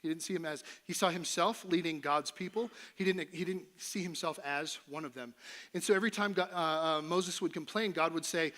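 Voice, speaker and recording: A man's voice: a little high, steady tone, brisk, fairly bright tone. Playful pastor preaching to his church. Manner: conversational, playful, acts out voices of Moses and God. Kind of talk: sermon. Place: church sanctuary.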